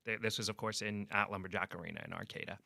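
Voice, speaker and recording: A young man, a sports reporter, telling a story in an animated way and acting out quotes during a podcast interview. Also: fairly low pitch, fast talker, vocal fry, dry recording, clean studio sound.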